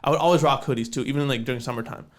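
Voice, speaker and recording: A man's voice: medium pitch, very fast. A man in his twenties co-hosting a podcast in casual chat, laid-back and slangy, swearing often. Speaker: podcast co-host.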